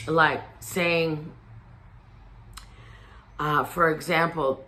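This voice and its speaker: Bright-voiced rambling woman vlogger. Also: low voice, slight background noise. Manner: rambling, earnest, stops and restarts; chatty and warm toward viewers, drops into exhortation. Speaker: home organizing vlogger. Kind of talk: casual chat to camera. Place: home kitchen and pantry.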